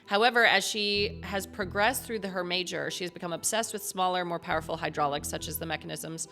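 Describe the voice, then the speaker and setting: A woman streaming a game, reading the game's text aloud in casual chat, excitable and swearing freely as she talks to her viewers. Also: lowish voice, brisk, faint music behind. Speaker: gaming streamer.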